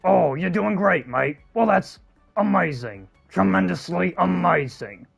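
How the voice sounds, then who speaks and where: A jolly, theatrical pirate, put on by a man hails a traveler with grand old-fashioned words. His voice sits a little high, and soft music plays behind him on a live game stream. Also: animated, measured pace, vocal fry, breathy edge, heavily acted. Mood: hearty welcoming.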